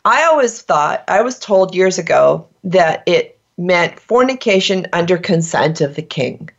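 A woman's voice: on the low side, animated, a little slow, highs cut off. A woman hosting a podcast in casual chat, playful and emphatic, laughing often. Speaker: host.

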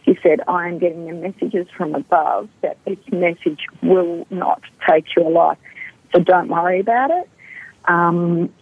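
This middle-aged Australian guest speaks unhurriedly in a fairly low, slightly rough voice with no room sound, though the phone line is tinny. She tells a personal story in an interview, bringing it to life by acting out the lines of each person.

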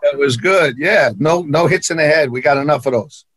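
Speaking at a moderate pace, this man has a fairly bright voice on the high side, recorded without room sound. A New York-accented actor and martial arts teacher being interviewed, he tells animated stories emphatically and repeats phrases to drive them home.

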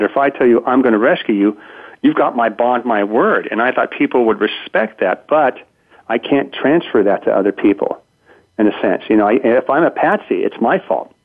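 A man in his fifties, a guest telling stories in an interview, acting out quotes with frequent stammered restarts. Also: medium pitch. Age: 50s. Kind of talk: conversational interview. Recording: tinny phone line.

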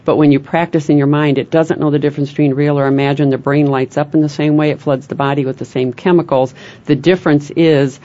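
A woman guest coach explaining ideas on a talk show, measured and explanatory, with frequent fillers. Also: deep voice, steady tone, dark tone. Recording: dull lo-fi radio sound.

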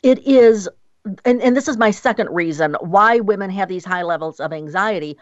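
A woman's voice: medium pitch, expressive, normal speed, no room sound, dull audio. A woman speaking passionately as a radio guest, acting out the voices of people she quotes. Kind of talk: radio interview.

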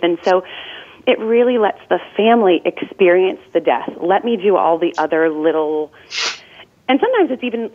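Forties woman guest, lower voice, earnest and chatty, heard over a thin phone line. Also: fast, husky. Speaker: death doula and nurse. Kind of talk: conversational interview answers. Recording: tinny phone-line sound.

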